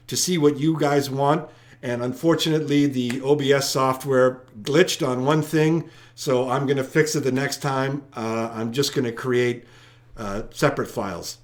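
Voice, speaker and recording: A man hosting a live-streamed trivia night, talking chattily and straight to his viewers. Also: mid-range voice. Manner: chatty, addressing viewers directly. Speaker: trivia host.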